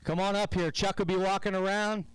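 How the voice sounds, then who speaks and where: A man from the Pittsburgh area announcing races at an outdoor drag strip over a loudspeaker, chatty and joking at his own expense. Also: high-pitched, fairly even intonation, fairly quick, clean tone, dry recording, rough recording. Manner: jokey, chatty, self-deprecating. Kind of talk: live race commentary over a loudspeaker. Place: outdoor drag racing track. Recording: outdoor crowd noise behind.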